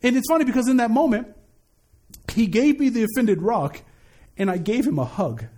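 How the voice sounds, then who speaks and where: A man's voice: very high-pitched, expressive, moderate pace, darkish tone. A man in his thirties preaching a sermon, mixing casual jokes and family stories with emphatic declarations. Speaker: pastor.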